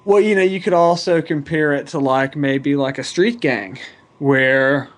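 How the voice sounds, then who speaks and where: A man's voice: on the high side, a little slow. A man on a casual podcast panel, rambling and thinking aloud with lots of fillers.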